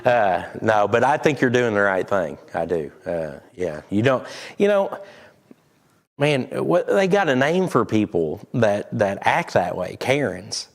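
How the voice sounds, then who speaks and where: A man's voice: lowish voice, sing-song, measured pace, vocal fry. A middle-aged man, a church pastor chatting casually and rambling with the congregation, chuckling often.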